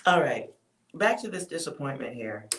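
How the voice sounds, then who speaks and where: A tarot reader giving a loose, casual reading to viewers, blunt and sometimes swearing, trailing off into quiet asides with sighs. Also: mid-range voice, very animated, normal speed, slight background noise.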